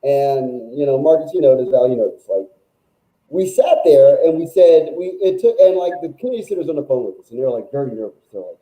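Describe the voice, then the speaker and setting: A male music journalist, a guest on a talk show, telling stories in a casual, animated, rambling way that is full of "like". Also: medium pitch, brisk, reverberant, low-quality recording. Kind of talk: casual storytelling chat.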